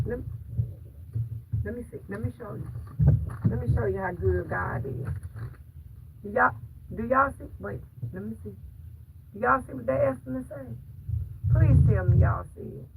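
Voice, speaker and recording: A woman's voice: fairly high pitch, moderate pace, pauses often. A woman telling her viewers a story in an emphatic, preachy way, often stopping to ask if they hear her. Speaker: vlogger. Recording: distant mic with clear background noise.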